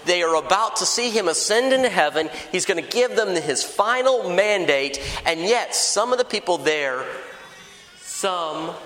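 A man preaching a sermon in a conversational, lively way, acting out little dialogues. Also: sits high. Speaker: pastor. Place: large church hall. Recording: echoey church hall.

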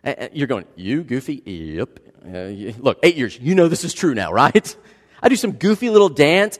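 A male pastor in his thirties giving a dynamic sermon, swinging between hushed and loud passages. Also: medium pitch, very animated, normal speed. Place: church sanctuary. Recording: long reverb of a church hall.

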